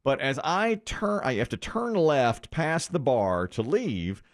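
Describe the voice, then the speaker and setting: Man telling a story with wide pitch swings. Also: slow pace, no room sound, studio quality. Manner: animated, self-mocking storytelling with quoted voices. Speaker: radio morning show host. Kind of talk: casual storytelling chat. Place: radio studio.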